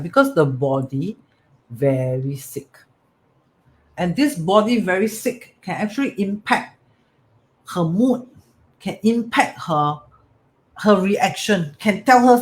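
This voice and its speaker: Singaporean-accented man, lively swooping pitch, motivational talk, repeats himself, keeps asking right? correct?. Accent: Singaporean English. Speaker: metaphysics teacher.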